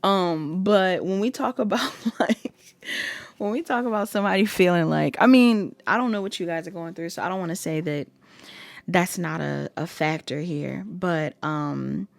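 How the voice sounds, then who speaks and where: A woman's voice: fairly low pitch, moderate pace, creaky, dry recording. A young woman with features giving a casual tarot reading, chatty and laughing often. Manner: chatty, laughs often, drops into whiny quoted voices. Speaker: tarot reader.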